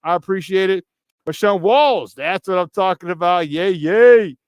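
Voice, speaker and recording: A man's voice: high-pitched, moderate pace, clean tone, no room sound. A man with a Chicago accent hosting a morning sports talk show, talking in a hyped, slangy, playful way.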